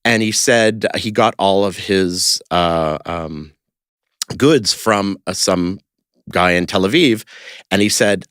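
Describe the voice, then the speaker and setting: A man's voice: fairly low pitch, takes it slowly, fairly bright tone, smooth, no room sound, studio quality. A man talking casually as a podcast guest, telling stories in a rambling way with lots of fillers and restarts. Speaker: interview guest, creator of a street-question video project.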